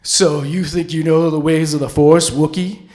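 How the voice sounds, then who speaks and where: A man voicing a menacing masked male dark lord in a comic retelling, taunting and swaggering. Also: fairly high pitch, fairly even intonation, normal speed, lightly acted.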